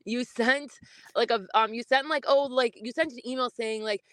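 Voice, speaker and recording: A woman's voice: on the high side, normal speed, a bit bright, slight background noise. A young woman co-hosting a podcast, giggly and hesitant, with lots of "like". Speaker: podcast co-host. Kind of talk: casual chat.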